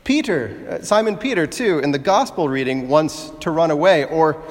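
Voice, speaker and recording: A man preaching a sermon in a conversational, gently humorous way, asking his listeners rhetorical questions. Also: a little high, animated, normal speed, in a large hall.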